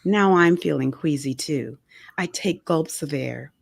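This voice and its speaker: Gravelly low-voiced woman reading aloud. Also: no echo, clean studio sound. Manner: measured, expressive reading. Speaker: author. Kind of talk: reading a memoir excerpt aloud. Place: radio studio. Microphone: studio microphone.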